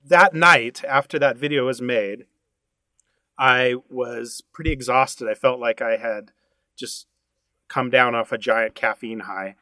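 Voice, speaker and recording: A man's voice: medium pitch, unhurried, sharp tone, no echo. A man speaking as a guest in a casual podcast interview, recounting events in an easygoing way.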